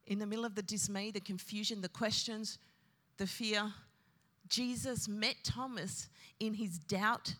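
Bright-voiced woman preaching in a hall. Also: medium pitch. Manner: emphatic, repeats key phrases. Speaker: pastor. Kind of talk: sermon. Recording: long hall reverb.

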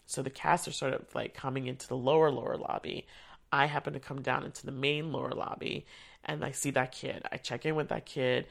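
Very gravelly, husky storyteller voice. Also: medium pitch, little pitch movement, a little fast. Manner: casual, chatty, lots of fillers, acts out quotes. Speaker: theater education staff member. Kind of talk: personal storytelling.

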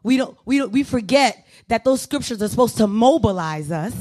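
A woman's voice: fairly high pitch, lively intonation, fairly quick, darkish tone. A woman pastor giving a sermon in a conversational, self-deprecating way, moving into urgent exhortation. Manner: conversational, self-deprecating preaching with playful asides.

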